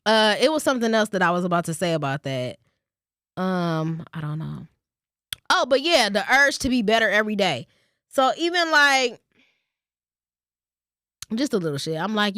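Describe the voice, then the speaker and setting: A woman vlogger reads a short passage aloud, then launches into a casual, blunt rant full of swearing, telling her story with ranting asides. Her medium-pitched, fairly bright voice swings widely in pitch at a moderate pace, with long pauses. The studio-quality recording is dry.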